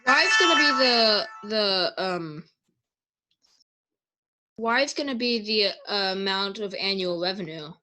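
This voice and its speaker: Hesitant woman student, bright voice. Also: medium pitch, animated, a little slow, long pauses, low-quality recording. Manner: hesitant, searching for words.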